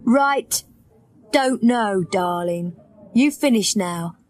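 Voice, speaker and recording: A woman's voice: medium pitch, expressive, drawn-out words, darkish tone. A woman voicing a bossy, impatient male manager of a pop star in a graded reader audiobook.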